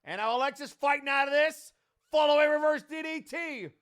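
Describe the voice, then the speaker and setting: A man doing play-by-play wrestling commentary, getting worked up and yelling at the referee. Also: extremely high pitch, fairly quick. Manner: excitable, yelling at big moments, complains at the referee.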